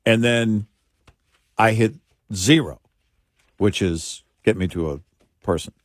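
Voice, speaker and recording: A man's voice: fairly low pitch, slow pace, dry recording, clean studio sound. A man co-hosting a radio talk show, telling stories and mocking automated phone menus. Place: radio studio. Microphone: studio microphone.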